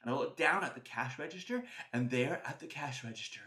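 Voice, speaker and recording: Animated, high-voiced storyteller man. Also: a little fast, echoey room. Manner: animated, playful, acts out scenes. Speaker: storyteller host. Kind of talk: storytelling for children.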